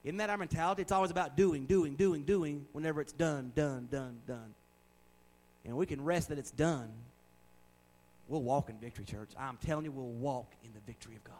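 A man in his forties preaches to his church in a relaxed, conversational manner. His voice sits a little high for a man. He drops in playful asides and repeats key words over and over for emphasis. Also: fairly quick, poor audio. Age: 40s. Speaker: pastor. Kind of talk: sermon.

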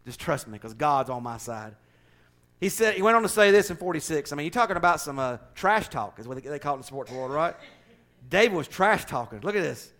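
A man delivering a sermon in a fairly high voice. He builds to loud, driving declarations, then drops to low, conversational asides to the congregation. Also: big pitch swings, a little fast. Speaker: preacher.

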